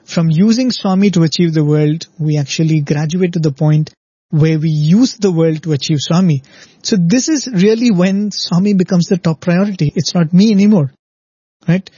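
A man's voice: fairly high pitch, moderate pace, warm tone, husky, no room sound. A man giving an earnest, reflective devotional talk, often ending points with a questioning "right?". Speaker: devotional speaker. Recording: dull lo-fi dry recording.

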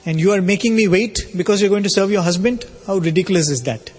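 A man's voice: high voice, quick pace, slightly rough. A man voicing a proud, short-tempered young male monk who scolds indignantly. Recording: long hall reverb.

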